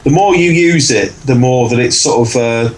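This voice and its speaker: A man co-hosting a podcast. He tells a story casually and acts out other people's lines in much higher voices. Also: normal speed, rough recording. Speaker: podcast co-host. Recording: faint background noise.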